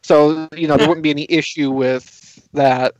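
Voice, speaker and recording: A man's voice: a little high, fairly even intonation, moderate pace, dry recording, rough recording. A man co-hosting a live-streamed fan podcast, chatting casually with dry, wry quips. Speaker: podcast co-host.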